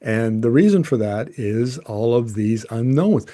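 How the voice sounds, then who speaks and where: A man's voice: mid-range voice, expressive, measured pace, warm tone. A man, an energy journalist, giving casual, opinionated commentary on gas markets, often restarting his sentences. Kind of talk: explanatory commentary.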